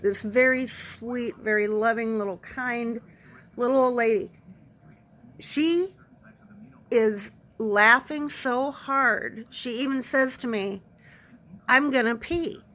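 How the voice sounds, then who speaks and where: A woman with a slightly high voice tells a funny story from her nursing job in a casual way. She is animated and pokes fun at herself as she goes. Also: takes it slowly. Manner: animated anecdote, self-deprecating, laughs through it. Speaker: nurse.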